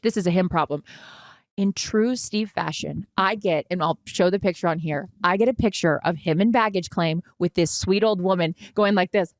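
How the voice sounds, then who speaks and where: A woman in her forties, co-hosting a podcast, telling a dramatic travel mishap in a casual, animated way with some swearing. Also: mid-range voice, no echo, clean studio sound. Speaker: podcast co-host. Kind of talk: casual storytelling chat.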